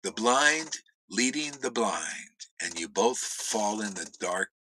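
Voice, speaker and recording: A man teaching on devotion in a blunt, profane, informal rant, swinging between shouts and low muttered asides. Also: animated, slow, a little hiss or hum, rough recording. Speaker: spiritual teacher.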